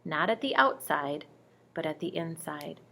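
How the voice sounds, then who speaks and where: Calm divine voice, hushed and soft , read by a woman, slow gravelly storybook tone. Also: sits low, exaggerated voice. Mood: gentle. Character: God, calm and gentle divine voice.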